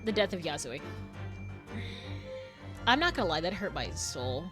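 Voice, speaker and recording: A woman's voice: fairly low pitch, very animated, normal speed, over music. A young woman streaming a game, chatting casually, laughing often and swearing freely.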